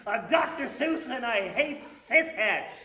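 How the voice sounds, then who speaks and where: A woman's voice: on the high side, expressive, slow pace, sharp tone, distant mic, heavily acted. A woman doing an impression of an older male children's author who rambles on, plugging his own products. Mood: self-promoting. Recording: echoey venue with background noise.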